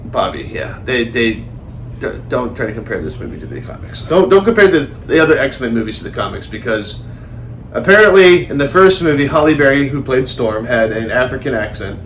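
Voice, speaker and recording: Male co-host, casual film chat, mid-pitched, rambling and animated, light background noise. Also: brisk. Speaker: podcast co-host. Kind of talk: casual movie review chat.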